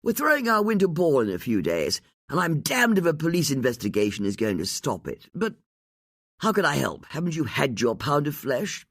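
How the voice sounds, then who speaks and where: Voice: mid-range voice, sing-song, normal speed, a bit bright, husky, no room sound, clean studio sound, pitched above the performer's own voice, exaggerated voice. The audiobook narrator voicing a pompous middle-aged lord who drawls and stammers through evasive answers. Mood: dismissive.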